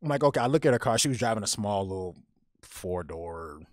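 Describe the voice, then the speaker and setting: A man's voice: lowish voice, lively intonation, fairly quick, no room sound, studio quality. A man co-hosting a podcast, telling a story animatedly with lots of restarts. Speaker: podcast co-host. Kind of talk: casual podcast chat and storytelling.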